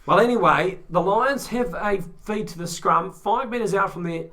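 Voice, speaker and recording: A man with a New Zealand accent doing excitable, joking amateur play-by-play rugby commentary. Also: sits high, a little slow. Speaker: fan commentator.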